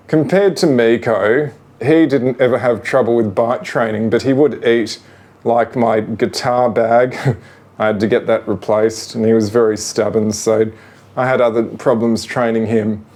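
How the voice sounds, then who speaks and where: A man, gently showing how he trains his ferrets, talking patiently and rambling with fillers. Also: mid-range voice, fairly even intonation, a little slow. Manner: gentle, patient, coaxing to the animals; rambling with fillers like "you know" and "sort of". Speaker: ferret owner demonstrating training. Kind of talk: casual how-to demonstration.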